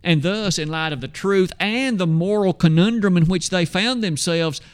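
A man preaching a sermon, emphatic, asking rhetorical questions and slowing down to stress scripture. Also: high voice, smooth.

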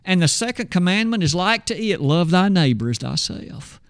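A man's voice: high voice, animated, moderate pace, a bit bright, clear, resonant tone, dry recording, studio quality. A man preaching a sermon, posing rhetorical questions and swinging his voice up and down when he quotes scripture.

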